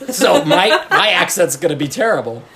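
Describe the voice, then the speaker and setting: A man co-hosting a podcast in casual chat, making jokey, deadpan asides and laughing a lot. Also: high voice, normal speed. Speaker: podcast co-host.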